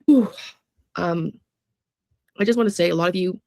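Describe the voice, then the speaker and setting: An American true crime vlogger with a gravelly, creaky voice delivers a rambling monologue straight to viewers. The sound is close and dry, with no room in it. The talk keeps restarting and trails off into asides. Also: mid-range voice, normal speed, warm tone, no room sound. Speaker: true crime psychic channel host.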